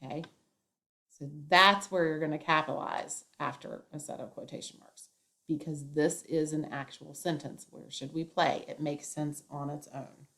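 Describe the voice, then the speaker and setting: A woman's voice: low voice, fairly even intonation, moderate pace, gravelly, sharp tone. Woman teaching a grammar lesson. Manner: step-by-step, acts out example lines with emphasis.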